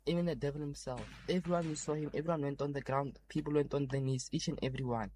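A man's voice: fairly high pitch, fairly even intonation, fast, a little mellow, a little hiss or hum. A man giving a personal testimony in an emphatic, repetitive manner.

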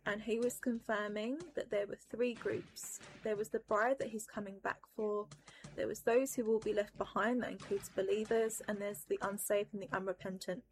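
A woman's voice: mid-range voice, little pitch movement, normal speed, a little hiss or hum. A woman describing a vision with intense, dramatic emphasis. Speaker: testimony speaker. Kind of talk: personal testimony. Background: music.

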